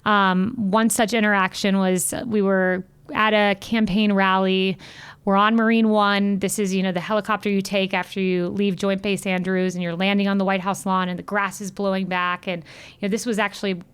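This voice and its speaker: Being interviewed as a guest, a woman in her thirties shares personal anecdotes earnestly and from the heart, retelling them with animation. Her mid-range voice is clear and resonant, at a moderate pace.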